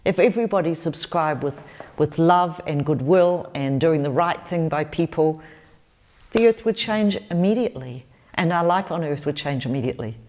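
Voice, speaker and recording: A woman's voice: low-pitched, normal speed, a little mellow. A New Zealand woman, in her sixties, answering interview questions as a spiritual teacher, telling stories earnestly and repeating phrases.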